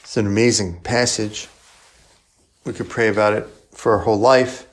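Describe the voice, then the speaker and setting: A man's voice: fairly low pitch, fairly even intonation, moderate pace. A male priest preaching in a conversational style, often asking rhetorical questions and adding "right?". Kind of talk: sermon.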